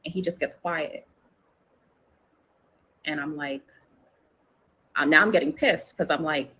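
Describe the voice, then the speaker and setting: A woman from New York tells a personal story as an interview guest, with a husky, gravelly voice that sits a little low. She is animated and swears freely, jumping up in pitch whenever she acts out what someone said. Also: unhurried, pauses often, rough recording.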